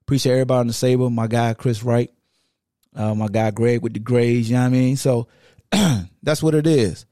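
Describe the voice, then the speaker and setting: A young man hosts a sports podcast in a relaxed, slangy, conversational way. His voice sits at an average pitch, and it is recorded close and dry with no room sound. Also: brisk, no room sound. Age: young adult. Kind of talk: casual podcast talk.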